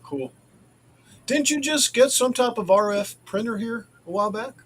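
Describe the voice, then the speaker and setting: A man's voice: very high-pitched, normal speed, a bit bright, slight background noise. A man chatting on a casual podcast, hesitant and often repeating his words.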